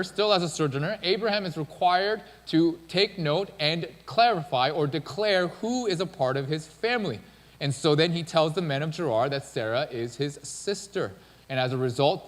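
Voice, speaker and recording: A male pastor delivering a sermon in a loose, chatty way, with a fairly high voice for a man. His words carry a long reverb from the church sanctuary around him. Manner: casual, conversational storytelling.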